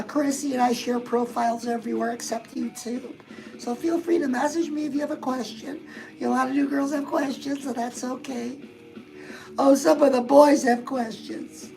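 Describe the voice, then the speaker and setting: A woman's voice: high-pitched, vocal fry, rough recording. A woman hosting a casual motivational live stream, chatting straight to her viewers and reading out their comments.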